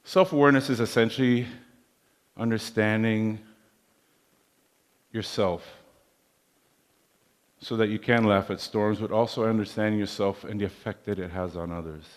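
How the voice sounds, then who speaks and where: A man giving a motivational leadership talk in a large hall, measured and preacherly, with proverbs. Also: on the low side, fairly even intonation. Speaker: keynote speaker. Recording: long hall reverb.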